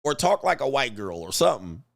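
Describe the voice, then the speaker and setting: A man's voice: mid-range voice, very animated, fairly quick, vocal fry. A man hosting a livestream reaction commentary, talking in a blunt, mocking way and chuckling often. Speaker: commentary host.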